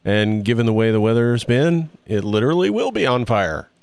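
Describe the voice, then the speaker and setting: A man's voice: mid-range voice, expressive, a little fast, vocal fry, darkish tone, no echo. A man co-hosting a band podcast, talking casually about the band's plans with dry wordplay jokes. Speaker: podcast co-host, band member. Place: band practice space.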